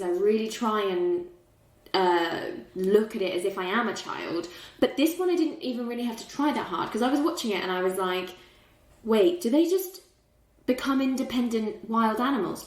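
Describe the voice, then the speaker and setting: Animated woman podcast host, roomy sound. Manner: animated, emotional retelling with excited pitch jumps. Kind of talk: casual film chat. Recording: roomy echo.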